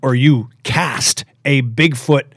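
A man in his forties hosting a podcast, telling a personal story in a lively, casual way, acting out quotes and repeating himself. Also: medium pitch, slow pace, breathy edge, no echo, clean studio sound. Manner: animated, acts out quotes, repeats words. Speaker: podcast host.

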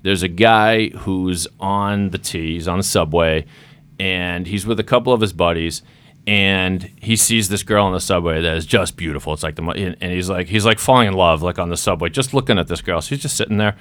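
Low-voiced man telling a story. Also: brisk. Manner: animated storyteller, plays out scenes. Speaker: podcast host. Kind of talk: casual storytelling.

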